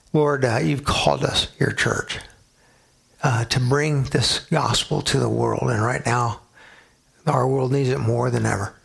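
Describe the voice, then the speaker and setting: A man's voice: mid-range voice, gravelly, husky. A man preaching a sermon as a pastor, emphatic, asking the listeners rhetorical questions and answering them.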